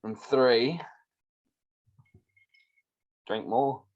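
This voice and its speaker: An Australian man co-hosting a casual chat show, laughing his way through relaxed travel stories. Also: mid-range voice, extremely slow, muffled recording. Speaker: podcast co-host.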